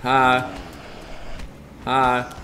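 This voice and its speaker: A man's voice: mid-range voice, monotone, drawn-out words, pushed and bright, slight background noise. A man with a strained voice giving joking, profane live commentary as he plays a game and reads chat aloud. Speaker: game streamer.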